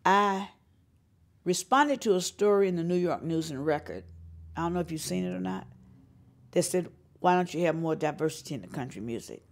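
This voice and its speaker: An older North Carolina woman, a singer and showcase organizer, tells stories during an interview and performs the voices of the people she quotes. Her voice is fairly low and creaky, and she talks fairly quickly and with animation.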